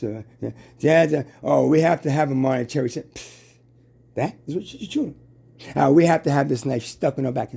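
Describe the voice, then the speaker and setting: Man, fairly high voice, gravelly, husky, preachy monologue, halting restarts, repeated rhetorical questions. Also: dark tone.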